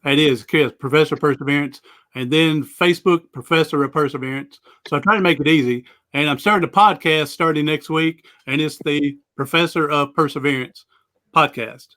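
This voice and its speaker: A man chats as an interview guest over a video call, easygoing and rambling, with plenty of "uh"s. His voice sits a little high and comes across bright and forceful. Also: brisk. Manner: easygoing, rambling with frequent "uh" and restarts. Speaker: guest, motivational speaker. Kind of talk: casual interview chat.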